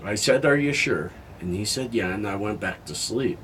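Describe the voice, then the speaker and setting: An older man talking candidly in a personal vlog, halting and heartfelt, sounding tired and emotional. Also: on the low side, a bit bright, a little hiss or hum. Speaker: health vlogger.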